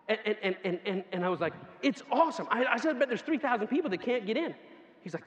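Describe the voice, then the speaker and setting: A man preaching a sermon, telling a lively story and acting out the people in it with bursts of laughter. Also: high-pitched, quick pace. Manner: animated, laughing storyteller who acts out quoted voices. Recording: dull, echoey hall sound with faint ambience.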